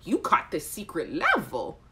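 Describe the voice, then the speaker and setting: A woman hosts a live chat stream and reacts to viewer comments with a playful, frank manner. Her voice sits fairly low, and her pitch swings widely as she talks. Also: unhurried. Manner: animated, playful and frank, with laughter. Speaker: host of a live chat show.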